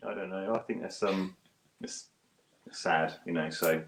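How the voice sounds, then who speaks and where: A British man, a guest bass player, chatting self-deprecatingly from his home studio over a video call. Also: measured pace, a little hiss or hum. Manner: chatty and self-deprecating, with lively pitch jumps. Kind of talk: casual interview chat. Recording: roomy echo.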